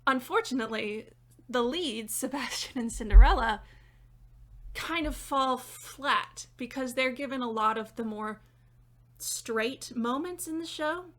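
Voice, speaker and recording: Reviewer type: young woman, bright and forceful, chatty, laughs a lot, higher voice. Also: unhurried. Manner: chatty and animated, laughing between points. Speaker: theater critic and dramaturg. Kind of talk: casual video review. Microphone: reading notes off-camera.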